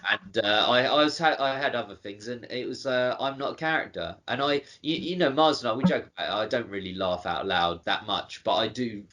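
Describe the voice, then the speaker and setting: A man co-hosting a casual podcast, dry and self-deprecating, often halting mid-sentence. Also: medium pitch, pushed and bright. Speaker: podcast co-host. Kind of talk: casual chat.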